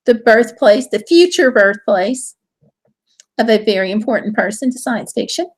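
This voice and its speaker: A woman's voice: on the high side, animated, normal speed, husky. A woman hosting a casual live stream from home, with a Southern US accent, cheerfully reading viewer comments aloud.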